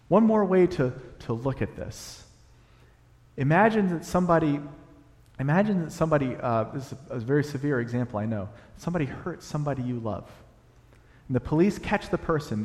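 A young adult man preaching a sermon in a church, animated, building to emphatic peaks as he explains a passage. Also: mid-range voice. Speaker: pastor. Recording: long hall reverb.

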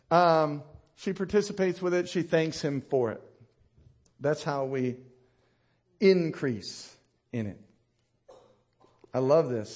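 A middle-aged man preaching a sermon as pastor, animated and asking his congregation rhetorical questions. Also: high voice.

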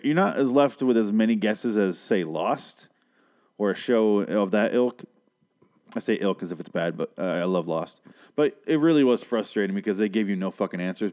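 A man's voice: low-pitched, darkish tone. A man recapping a TV episode in a casual monologue, rambling and sarcastic, with plenty of swearing.

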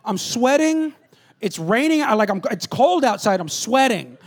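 Animated high-voiced preacher. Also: male voice, normal speed. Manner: animated storytelling, jumps between hushed and loud. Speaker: pastor. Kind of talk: sermon.

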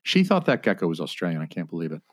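A podcast host who chats casually and trades crude jokes with his guests. His voice is fairly low. The sound is dry and close. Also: huge pitch swings, rapid-fire, no room sound. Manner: joking, crude banter.

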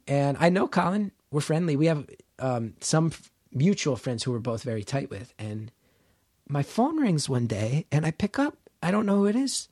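A middle-aged man from New Jersey, a comedian guest telling a candid story in conversation, animated, acting out quoted lines and swearing freely. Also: a little high, moderate pace, slightly rough, no echo, clean studio sound.

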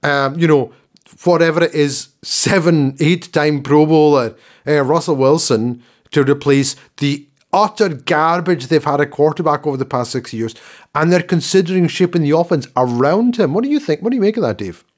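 A man's voice: fairly high pitch, moderate pace. A man co-hosting a sports podcast, ranting in casual chat and laughing at himself. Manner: animated ranting, mock voices, laughs. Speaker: podcast co-host.

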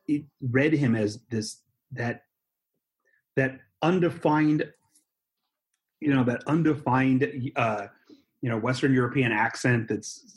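An American man co-hosting a podcast, talking in a rambling, joking way with many restarts. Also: medium pitch. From United States. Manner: rambling, self-interrupting, joking. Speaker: podcast co-host. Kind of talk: casual chat.

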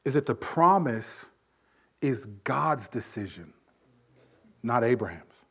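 A man preaching a sermon as pastor, building emphasis with sudden swells in volume and dropping low to make a point. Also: animated, slow pace, breathy edge.

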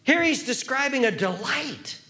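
A man preaching a sermon with dramatic, repetitive emphasis, dropping at times to a hushed whisper. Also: very high voice, very animated, measured pace.

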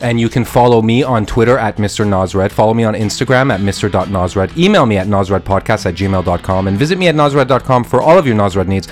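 A man's voice: lowish voice, brisk, few pauses, faint music behind. A man hosting a comedy podcast, laid-back and drawling, with casual swearing. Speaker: podcast host.

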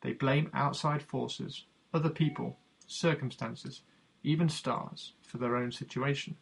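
A man narrating his own book in a measured, earnest, teacherly way. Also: medium pitch, steady tone, vocal fry, breathy edge, poor audio. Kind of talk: audiobook narration.

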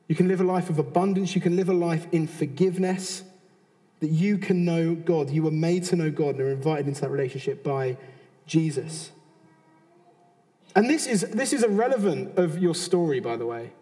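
An earnest British preacher delivers a conversational sermon in British English, doubling back on his words and adding asides. His fairly high voice is mellow and soft-edged, trailed by the long reverb of a large hall.

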